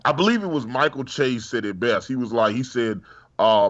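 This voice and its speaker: A man's voice: medium pitch, expressive, moderate pace, a bit bright, lo-fi sound. A man co-hosting a podcast in casual chat, telling rambling stories and laughing at his own jokes. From United States. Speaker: podcast co-host.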